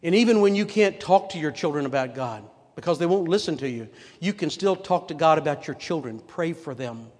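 A man's voice: a little high, expressive, brisk, a little mellow. Older man preaching in an echoing hall. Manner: earnest, with rhetorical questions to the audience. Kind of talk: sermon. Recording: long hall reverb.

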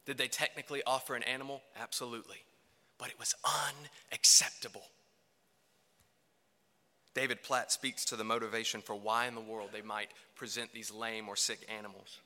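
A man preaching a sermon to a congregation, emphatic, swinging between loud declarations and hushed lines. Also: fairly low pitch, level tone, fast, hardly any pauses. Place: church hall. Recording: reverberant hall.

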